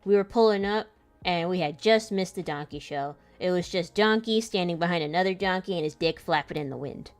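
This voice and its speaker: A woman's voice: lowish voice, fairly quick, faint music behind. A young woman chatting casually while she draws, telling a travel story in a loose, rambling way and laughing often between sentences. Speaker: comic artist and channel host. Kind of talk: casual chat while drawing.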